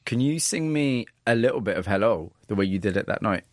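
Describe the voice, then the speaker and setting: A man narrating and interviewing in a calm, measured, scripted way. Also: fairly low pitch, no room sound, studio quality.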